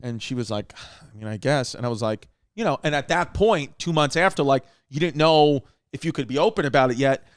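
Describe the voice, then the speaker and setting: A man's voice: mid-range voice, fairly quick, few pauses, no echo, clean studio sound. A man from New York City co-hosting a podcast, telling a long story in casual chat and acting out the other people's lines. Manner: animated storyteller, quotes others in lively voices. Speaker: podcast co-host.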